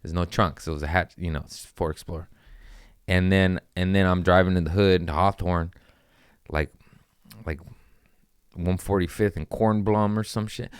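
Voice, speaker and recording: A young man telling a wild story in casual podcast chat, swearing freely and jumping into high voices when he quotes people. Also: moderate pace, pauses often, clear, resonant tone, dry recording, clean studio sound. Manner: animated, acts out quotes with sudden pitch jumps, swears freely.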